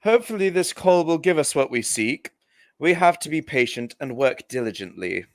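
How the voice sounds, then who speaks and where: A man voicing a stern, proud older wizard father, in a measured, formal way, in an amateur read-through of a fan script. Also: a little high, big pitch swings, no echo.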